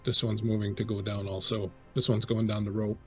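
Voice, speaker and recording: A man's voice: lowish voice, little pitch movement, a little fast, breathy edge, faint music behind. A man narrating a tabletop role-playing game as game master, loose and rambling with fillers.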